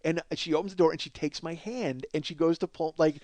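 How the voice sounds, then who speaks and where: High-voiced man rambling through a comic story. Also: a little fast, background noise. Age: 40s. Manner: rambling, profane, self-mocking storytelling with restarts. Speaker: comedy podcast host.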